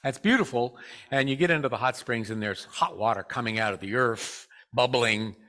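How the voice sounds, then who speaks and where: With a medium-pitched voice, a man tells the congregation a personal story during a Sunday talk to his spiritual community. His delivery is loose and meandering, speaking straight to them and often stalling on "uh."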